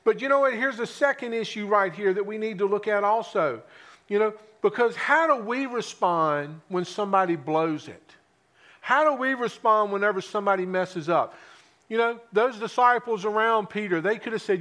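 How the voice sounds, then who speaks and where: A man preaching a sermon, asking rhetorical questions and swinging from loud emphasis to hushed, quiet lines. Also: high-pitched, animated, moderate pace.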